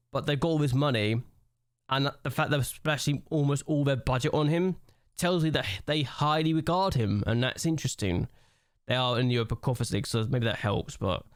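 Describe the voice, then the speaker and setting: A young man talks through a football management game, venting his exasperation out loud as he plays. His voice sits at an ordinary middle pitch. The sound is close and dry, with no room around it. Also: dry recording. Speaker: gaming YouTuber. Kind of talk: let's-play gameplay commentary.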